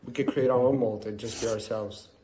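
A man's voice: mid-range voice, fairly even intonation, a little fast, background noise. A man giving an earnest, heartfelt birthday message.

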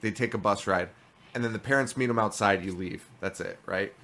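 A young man hosting a podcast, telling a story in an animated, profane way during casual chat. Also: on the low side, brisk. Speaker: podcast host.

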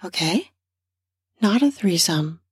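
A woman's voice: on the low side, lively intonation, takes it slowly, a bit bright, dry recording, clean studio sound, full character voice. A woman voicing a nervous, curious married woman who hesitates and second-guesses herself, in improvised erotic storytelling. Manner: hesitant, breathy, unsure.

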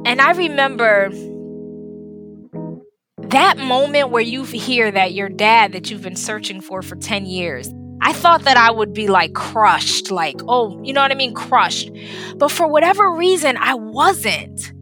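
A woman guest telling a personal story, emotional and animated as she retells it. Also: fairly high pitch, a little slow, music in the background.

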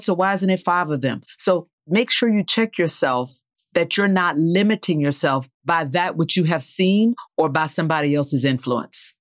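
A man's voice: high voice, no room sound. A man in his fifties who grew up in the American South hosts an interview, speaking earnestly and pressing his points with motivational emphasis. His voice is recorded dry and close. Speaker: host, former finance executive. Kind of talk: interview conversation.

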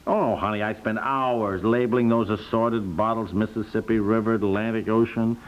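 A man's voice: fairly low pitch, steady tone, moderate pace, lightly acted. A man playing a dry, sarcastic, easily flustered young husband in a 1950s radio comedy. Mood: nostalgic. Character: exasperated, impatient young husband. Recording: dull 1950s radio recording.

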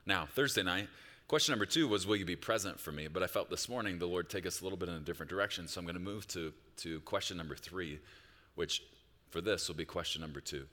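A pastor delivering a sermon, moving between quiet reflective passages and loud, urgent appeals. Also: male voice, low voice, fast talker, long reverb tail. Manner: swings from hushed reflection to loud, rising exhortation.

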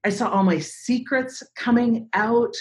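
A woman's voice: fairly high pitch, a little slow. A woman in her forties, a speaker and trainer, telling a dramatic story as an interview guest and acting out other people's voices. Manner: animated, dramatic storyteller who acts out voices.

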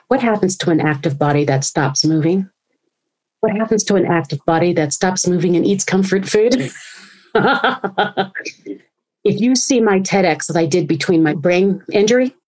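A woman in her forties speaks as a podcast guest, her voice sitting a little low. She tells her story with animation, slipping into the voices of the people she quotes. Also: a little mellow, rough recording. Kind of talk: storytelling interview.

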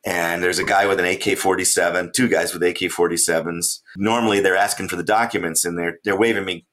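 A man, an author and traveler, telling a travel story as a guest in an interview, animated and laughing often. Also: sits low, fast talker, hardly any pauses.

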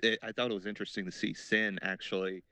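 A man co-hosting a podcast, talking in casual, halting remarks about a show. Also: fairly low pitch, level tone, pushed and bright, no room sound. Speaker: podcast co-host. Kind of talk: casual chat.

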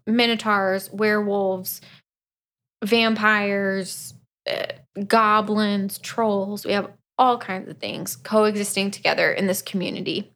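Woman podcast co-host, chatty recap voice, acts out quotes, mid pitch. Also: a bit bright. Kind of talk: casual book recap.

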